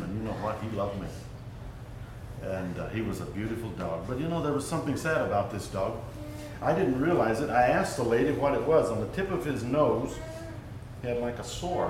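A man, a preacher, praying and then telling a folksy, rambling story to a church gathering, often asking his listeners simple questions. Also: lowish voice. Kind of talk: prayer and folksy sermon storytelling. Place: church gathering, roomy hall. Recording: echoey room, far from the mic, ambient noise.

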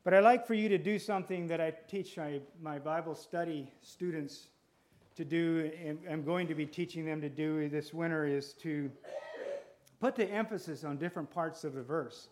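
A male preacher delivering a sermon with a deliberate, emphatic manner, often repeating phrases for effect. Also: on the high side, darkish tone.

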